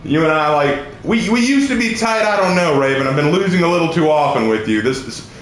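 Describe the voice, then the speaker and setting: A man's voice: fairly high pitch, animated, brisk. A man streaming a game, bantering and teasing in a casual joking way, cursing freely. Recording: echoey room, faint noise.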